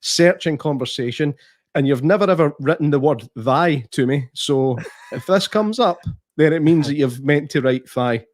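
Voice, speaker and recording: Dry-humoured Scottish podcast co-host. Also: male voice, a little high, animated, normal speed. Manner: self-deprecating storyteller, clears throat often. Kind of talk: casual chat.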